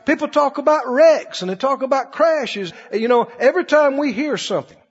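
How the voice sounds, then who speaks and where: A pastor preaches a sermon in a very high-pitched, animated voice at a moderate pace, telling stories and rising and dropping his voice for emphasis. The recording is dull and lo-fi, made in a reverberant hall.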